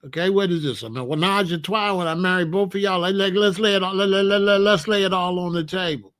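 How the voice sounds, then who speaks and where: A man's voice: high voice, brisk, fairly bright tone. A man hosting a casual talk show and giving blunt, joking advice on marriage, acting out little scenes as he goes. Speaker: host.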